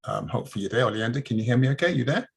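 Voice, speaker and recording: Gravelly man hosting a livestream. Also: mid-range voice, expressive, racing, slight background noise. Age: adult, married. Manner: chatty, storytelling, frequent restarts and fillers. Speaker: host of a community news livestream. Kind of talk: casual livestream talk.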